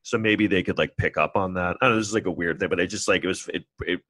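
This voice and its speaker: A man in his forties with a New York accent talks through a loose, rambling podcast monologue, poking fun at himself. His voice sits low, and the sound is dry and close with no room around it. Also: quick pace, a bit bright, dry recording. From New York City. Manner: rambling, self-deprecating, acts out others in mocking high voices. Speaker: podcast host. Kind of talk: casual solo monologue.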